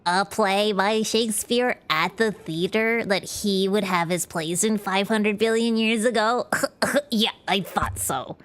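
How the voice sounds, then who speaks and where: A woman's voice: mid-range voice, unhurried, a bit bright, natural voice. A woman voicing a pedantic nerdy know-it-all who drags out the words and snickers. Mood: smug.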